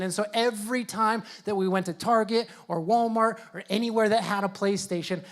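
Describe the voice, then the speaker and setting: A youth pastor preaching to young people in a casual, joking, conversational way. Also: male voice, high-pitched, fairly even intonation, fairly quick, few pauses. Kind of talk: youth sermon.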